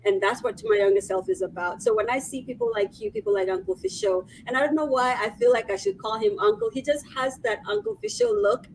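A woman hosting an online interview show, effusive and warm in her praise, laughing often. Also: high voice, very animated, fast, hardly any pauses, a little hiss or hum, low-quality recording. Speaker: host.

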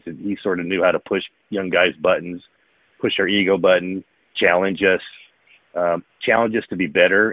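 A man's voice: deep voice, no room sound. A man co-hosting a casual talk show, rambling with many fillers and restarts. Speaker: podcast co-host, former pro baseball player. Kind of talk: casual chat. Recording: phone-like narrow sound.

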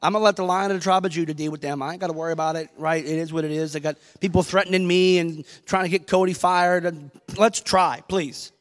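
A man in his thirties with a high voice preaches to his congregation in a conversational way. He quotes scripture and asks the people questions as he goes. His voice rings out through a long-echoing church hall. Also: fairly even intonation, quick pace. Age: 30s. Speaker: pastor. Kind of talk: sermon. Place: church sanctuary.

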